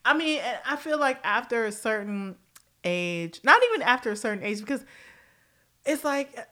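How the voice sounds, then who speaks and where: A woman's voice: sits high, lively intonation, moderate pace, bright, forceful tone. A woman hosting a casual pop-culture commentary show, blunt and profane, laughing often and jumping between tangents.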